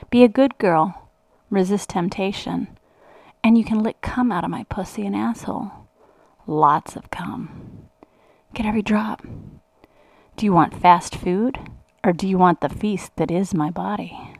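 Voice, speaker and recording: A woman reading a scripted domination mantra, commanding and teasing, at times dropping into soft whispers. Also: medium pitch, dry recording, rough recording. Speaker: adult audio creator.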